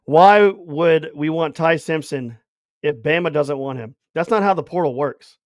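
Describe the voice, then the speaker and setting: High-voiced blunt podcast co-host man. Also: a little slow, no room sound, studio quality. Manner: blunt, emphatic rants. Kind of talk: casual sports talk.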